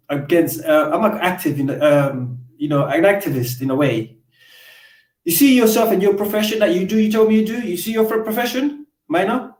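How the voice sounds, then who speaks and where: Male host, high voice, lecturing chat manner, echoey room. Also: darkish tone. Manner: lecturing, acts out quoted exchanges. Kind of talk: casual live chat. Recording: roomy echo.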